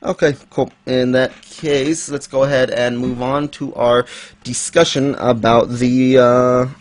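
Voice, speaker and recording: A man's voice: medium pitch, steady tone, unhurried. A man hosting a casual manga chat, rambling with fillers and light laughs. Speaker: podcast host.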